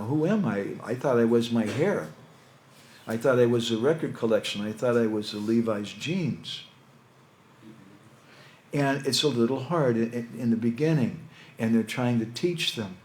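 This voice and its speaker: A man's voice: mid-range voice, slight background noise. A man giving a conversational spiritual talk to young people, telling stories with casual asides. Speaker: monk lecturer. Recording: echoey hall with faint ambience.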